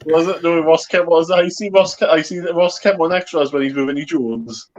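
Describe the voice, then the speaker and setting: A man joins a casual live chat as a guest, with a voice a little higher than usual. He jokes around and slips into playful impressions. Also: fairly quick, darkish tone, lo-fi sound. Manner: playful, does mock impressions.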